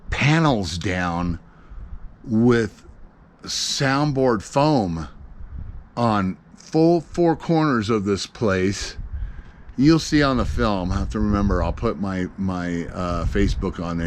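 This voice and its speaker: A man's voice: on the low side, lively intonation, takes it slowly. A middle-aged American man, a solo gigging musician, showing his gear in a casual, rambling vlog full of fillers and the odd swear word. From USA. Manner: rambling, swears freely, many fillers and restarts. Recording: noisy home video recording.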